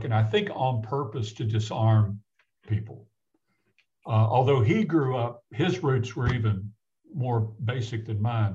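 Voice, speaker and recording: An older man from the American South, a physician guest, telling a personal story in an earnest, halting way with frequent restarts. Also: mid-range voice, a little mellow. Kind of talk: reflective personal storytelling in conversation. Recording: dull lo-fi audio.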